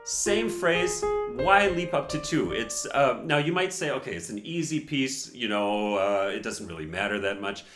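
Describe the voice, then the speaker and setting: A man's voice: mid-range voice, animated, moderate pace, hardly any pauses, echoey room. A man reviewing a piano performance and teaching technique in a casual, explanatory way, counting beats aloud.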